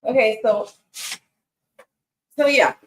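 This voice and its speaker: A woman's voice: fairly high pitch, expressive, slow pace, recorded from a distance. A woman giving a casual faith talk, chatting straight to her viewers and breaking off now and then to talk to her dog. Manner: conversational, talks to her dog between points. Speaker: inspirational speaker. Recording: echoey room, away from the mic.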